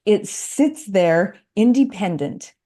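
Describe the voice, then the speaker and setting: Woman coach, warm mellow tone, earnest step-by-step podcast explainer. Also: mid-range voice, expressive, takes it slowly. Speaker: life coach guest. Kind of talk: podcast conversation.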